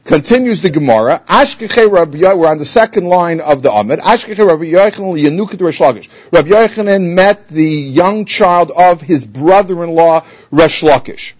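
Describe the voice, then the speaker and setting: A man with a notably high voice teaches a Talmud class. He explains the text step by step, working Hebrew and Aramaic terms into his English. The recording is dull and lo-fi. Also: lively intonation, moderate pace, hardly any pauses. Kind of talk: Talmud lecture.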